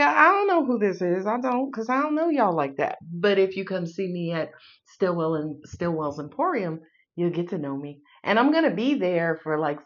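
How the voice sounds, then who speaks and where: A woman's voice: mid-range voice, lo-fi sound. A woman with a New York accent giving a casual tarot reading in a sassy, playful way, swearing and laughing as she goes. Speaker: tarot reader.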